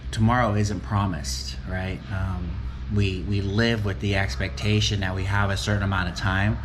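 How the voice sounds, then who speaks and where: Low-voiced man musing, constantly asking "right?". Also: little pitch movement, normal speed, noisy background. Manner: rambling, keeps asking "right?". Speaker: motivational fitness vlogger. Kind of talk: casual reflective talk.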